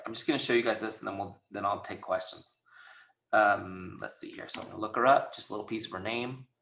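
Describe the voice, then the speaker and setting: A low, gravelly man's voice with a bright edge, leading a casual sales training over a video call. He keeps acting out little exchanges with clients and customers. The sound is echoey, as if he is in a hard-walled room. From Southern California. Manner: chatty, acts out both sides of conversations. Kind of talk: webinar training talk.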